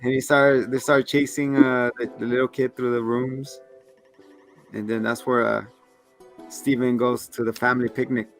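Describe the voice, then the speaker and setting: A man's voice: medium pitch, flat delivery, moderate pace, faint music behind. Rambling, laughing man recapping an episode. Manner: rambling, laughs often, acts out lines from the show. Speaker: podcast co-host. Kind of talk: casual review chat.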